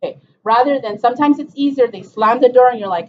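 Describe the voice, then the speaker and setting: Here a middle-aged woman talks fast in a fairly high pitch while presenting a parent workshop. Her delivery is loose and chatty, full of "okay" and "um," and she acts out what parents and children might say; the dull lo-fi room audio carries slight background noise.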